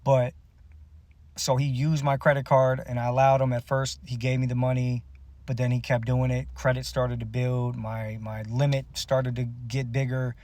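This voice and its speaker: A man's voice: mid-range voice, little pitch movement, normal speed, darkish tone. A man and musician telling a personal story to camera in a blunt, bitter, profane way. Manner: bitter, aggrieved retelling.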